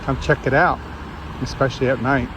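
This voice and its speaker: A man's voice: mid-range voice, steady tone, a little fast. A man vlogging casually while walking outdoors along a city promenade, thinking aloud as he goes. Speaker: travel vlogger. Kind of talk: casual walking travel vlog. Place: outdoors on a city seaside street. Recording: outdoor street noise and traffic.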